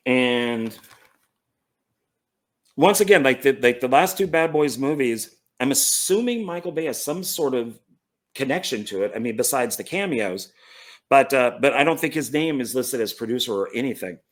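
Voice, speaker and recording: Here a male movie collector leafs through his films in a relaxed, easygoing way, clearly enthusiastic about them. His voice sits at a medium pitch and moves at a moderate pace as he rambles, fixes his own mistakes and trips over names.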